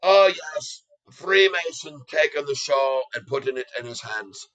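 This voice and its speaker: A man with a bright, forceful voice talks in a put-on Irish accent. He hosts a stock market livestream, rambling in a loose, casual way. His delivery is playful and theatrical, full of chuckling asides. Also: mid-range voice, normal speed, low-quality recording.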